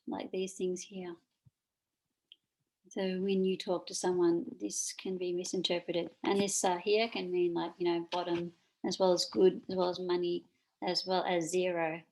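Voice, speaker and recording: An Australian woman gives an informal recorded lecture, pointing at slides as she goes. Her voice has a gravelly fry at the edges. A faint noise sits under the recording. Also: mid-range voice, a little mellow, rough recording. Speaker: teacher.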